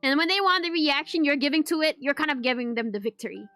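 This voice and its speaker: A woman with a high, sparkly voice chats casually with viewers, answering their questions. She giggles often, rambles and restarts her sentences, and drops in Malay words along the way. Soft music plays faintly underneath. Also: lively intonation, fast, dry recording. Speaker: VTuber streamer. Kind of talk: casual Q&A chat.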